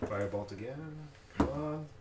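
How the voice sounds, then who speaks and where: A man's voice: medium pitch, moderate pace, reverberant, heavy background noise. A man playing a tabletop game, declaring moves and rolling dice eagerly. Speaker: player.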